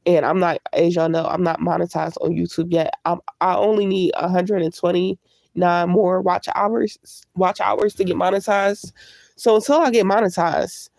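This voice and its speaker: A congested female YouTube vlogger with a cold talks casually on a livestream, saying hello to viewers in a candid, chatty way. Her gravelly voice is lowish and darkish, delivered flatly at a moderate pace, with no room sound.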